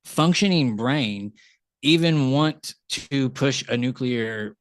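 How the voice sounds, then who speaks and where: A man's voice: mid-range voice, lively intonation, slow pace, dry recording. A man in a casual podcast chat, blunt and swearing heavily, sometimes mimicking people he quotes.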